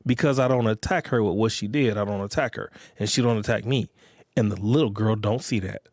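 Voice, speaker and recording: With a fairly low, darkish voice and a brisk delivery, a man hosts a podcast in a casual, rambling monologue laced with profanity. He regularly asks his listeners "you get what I'm saying." The recording is dry and studio quality.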